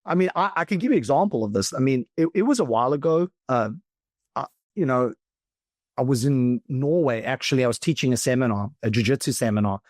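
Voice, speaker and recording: A man from South Africa, a philosophical coach, talking as a podcast guest in a thoughtful, reflective way that often slows down and stretches words. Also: mid-range voice, animated, darkish tone, dry recording, studio quality. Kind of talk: reflective conversational talk.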